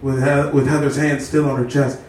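A man reads a comic story aloud to a live audience with a flat, deadpan delivery, stumbling and making asides as he goes. His voice sits at an ordinary pitch and comes from far off the mic. A very echoey room surrounds him, with a low hiss of noise underneath. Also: fairly quick. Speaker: comedy reader. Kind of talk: live comedic reading of a story. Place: live comedy stage indoors.

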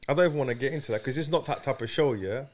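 A man, hosting a casual podcast chat and making his points in a preachy, animated way. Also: mid-range voice, very fast. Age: 30s. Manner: animated, preachy, peppers speech with "bruv".

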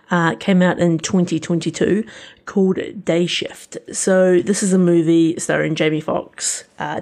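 Easygoing Kiwi man with a gravelly voice. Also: high-pitched, darkish tone. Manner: easygoing, hesitant, restarts phrases. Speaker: podcast co-host. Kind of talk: casual chat.

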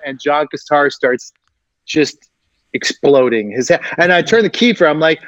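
A man, a guest actor, telling an animated anecdote and acting out the voices of the people in it, laughing often. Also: fairly high pitch, moderate pace, no room sound, muffled recording.

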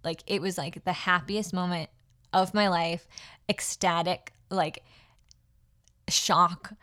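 Woman, young adult, somewhat low voice, casual and heartfelt, lots of fillers and restarts. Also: steady tone, slow, sharp tone. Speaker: podcast host. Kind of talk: personal storytelling.

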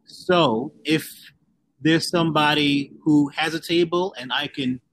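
A man being interviewed as a guest, speaking in a measured way and drawing out key words for emphasis. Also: a little high, fairly even intonation, a bit bright, a little hiss or hum, rough recording. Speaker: guest, drinks brand founder. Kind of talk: conversational interview.

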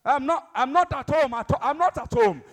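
A man's voice: very high-pitched, expressive, normal speed, big-room sound, voice pushed up. A man, acting out a father who lies on the phone that he is not at home. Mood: evasive. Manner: pretends he is out, repeating himself. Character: a father lying on the phone to dodge a caller.

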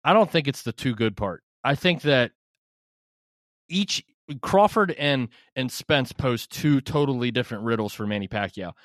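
A man in casual podcast chat, reasoning through his take in an easy, relaxed way with plenty of fillers. His voice is mid-pitched for a man. The sound is close and dry. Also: normal speed, no room sound. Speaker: podcast co-host.

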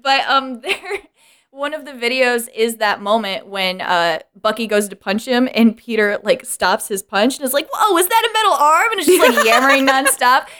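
A woman's voice: a little high, moderate pace. Rambling, giggly young woman. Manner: rambling, laughs often, lively impressions. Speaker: podcast co-host. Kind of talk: casual chat.

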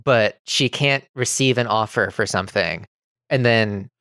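A man's voice: fairly low pitch, a little slow, sharp tone, smooth, no room sound, clean studio sound. A man co-hosting a podcast in casual chat, opinionated and arguing his point. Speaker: podcast co-host.

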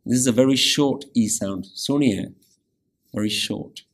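A man teaching a Sikh scripture lesson, explaining meanings and pronunciation with careful, deliberate explanation and frequent "yeah?" check-ins. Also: mid-range voice. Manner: pronounces Punjabi scripture carefully.

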